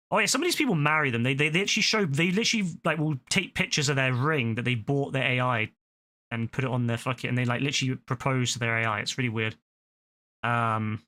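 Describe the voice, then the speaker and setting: A young man rambles through casual stream commentary, tripping over his words and restarting his sentences as he goes. His voice sits mid-range with a crisp, forward brightness. He swears freely and loosely. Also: medium pitch, quick pace.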